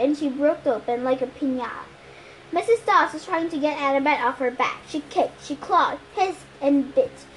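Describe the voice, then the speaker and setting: Woman reader for a fan audiobook chapter; high voice, lively delivery, faint hiss behind. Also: low-quality recording. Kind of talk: reading a novel aloud.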